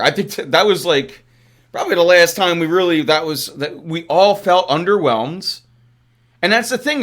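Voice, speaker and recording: A man with a fairly high voice hosts a live-streamed sports talk show. He talks slowly, drawing out his words, and swears freely as he rants and laughs at his own sarcasm. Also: fairly bright tone. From Philadelphia area.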